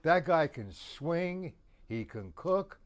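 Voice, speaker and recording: A man's voice: a little high, big pitch swings, slow pace. A man teaching a casual drum lesson, chatting with viewers and counting beats aloud. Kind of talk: live-streamed drum lesson.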